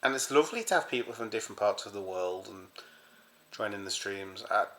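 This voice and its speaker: A man's voice: on the low side, lively intonation, a little fast, bright, forceful tone. An English man from the south coast, hosting his own fan channel and chatting casually to camera in a rambling way that often restarts sentences. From south coast of England.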